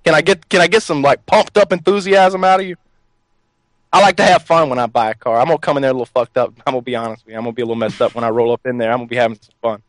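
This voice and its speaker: A man hosting a show, making a prank phone call in a sly, deadpan, teasing manner. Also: medium pitch, very fast, no room sound.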